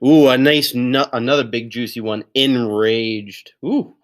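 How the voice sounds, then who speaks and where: A man's voice: mid-range voice, a little slow. A male teacher giving a recorded writing lesson to second graders, upbeat and encouraging with playful exclamations. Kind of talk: recorded lesson for young children.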